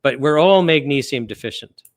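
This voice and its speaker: Low-voiced male guest, dry sound. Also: expressive, normal speed, no echo. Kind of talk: casual live-stream talk.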